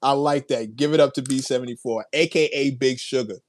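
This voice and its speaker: A male livestream host fires back at viewer comments with excited laughter, playful slang and frequent repetition. His medium-pitched voice stays steady in tone and moves fairly quickly.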